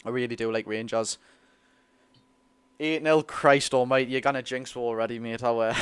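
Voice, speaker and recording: A man's voice: mid-range voice, smooth, no room sound. A young man with a Geordie accent, chatting casually with viewers during a live football watch-along and reading out their comments. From North East England. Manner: chatty, excitable, reads chat aloud. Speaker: football fan streamer.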